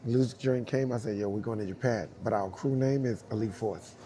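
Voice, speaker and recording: A middle-aged man, a dancer telling a lively story and acting out the voices of the people in it. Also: on the low side, normal speed, slight background noise. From Brooklyn, New York. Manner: acts out both sides of dialogue, laughing often. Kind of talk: animated storytelling.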